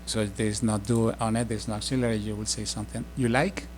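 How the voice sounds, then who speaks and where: A middle-aged man giving a casual spoken language lesson, explaining slowly with many fillers and restarts. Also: lowish voice, level tone, a little mellow, slight background noise. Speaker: language teacher.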